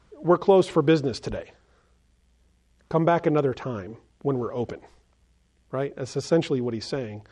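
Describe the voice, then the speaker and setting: A man's voice: a little high, darkish tone. A man pastor preaching a sermon, earnest and often asking his listeners questions. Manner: earnest, asks the congregation questions.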